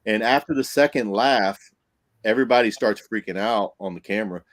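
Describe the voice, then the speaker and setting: A man, a paranormal investigator, telling a story on a podcast in a casual, animated way, acting out what people said and laughing often. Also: lowish voice, fairly quick, no room sound.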